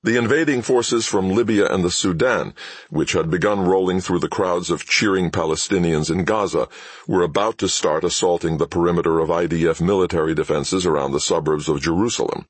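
A man doing scripted dramatic narration of a thriller audiobook in a measured way. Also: deep voice, slightly rough, no echo.

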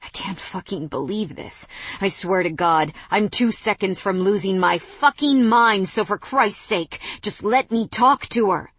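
An enraged, jilted young man, loud and high-strung, spitting out curses, voiced by a woman reading an audiobook. His voice rides high and strained. It is dry and close, with no room around it. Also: measured pace, breathy edge, no echo. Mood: furious. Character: furious jilted young man, shouting, unhinged. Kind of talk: audiobook character voice.

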